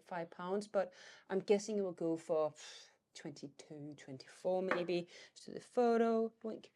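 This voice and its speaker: A woman's voice: fairly low pitch, slight background noise. Chatty woman thinking aloud. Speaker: vintage reseller vlogger. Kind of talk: casual vlog chat.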